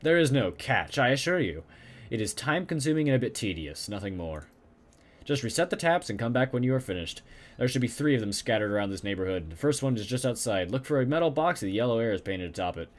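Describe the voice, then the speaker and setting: A man's voice: medium pitch, very animated, fast talker, natural voice. A man doing an overly courteous café owner. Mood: smooth persuasion. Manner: exaggerated formal, put-on Turkish-style accent. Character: male Turkish café owner, polite, scheming fixer.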